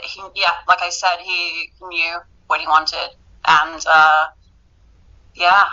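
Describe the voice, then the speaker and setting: A British woman talks in a casual interview, her voice very bright and forward. She rambles warmly with lots of ums and little laughs. The recording sounds dull and lo-fi. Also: lowish voice, flat delivery, takes it slowly. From Britain. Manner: chatty, laughing often, many fillers and restarts. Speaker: actress being interviewed.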